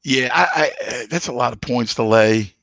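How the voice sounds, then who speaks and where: A sports radio man with a bright, forceful voice speaks emphatically. He talks at a middle pitch, and the sound is dry and close with no room echo. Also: moderate pace. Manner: emphatic, egging the story on. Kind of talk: casual chat.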